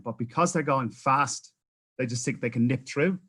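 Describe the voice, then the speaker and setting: A man's voice: mid-range voice, moderate pace, pushed and bright, rough recording. A New Zealand man giving impassioned public testimony at a council hearing, pleading his case with frequent restarts.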